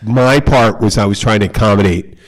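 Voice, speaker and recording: Man, low voice, podcast host, rambling bar anecdotes, swears freely. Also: brisk. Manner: profane, rambling anecdotes with acted quotes. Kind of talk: casual bar-side storytelling.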